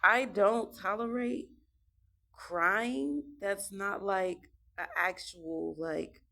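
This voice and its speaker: A woman's voice: mid-range voice, drawn-out words, vocal fry, bright, forceful tone. A young mother talking about raising her children in a casual, emphatic monologue, repeating herself to drive points home.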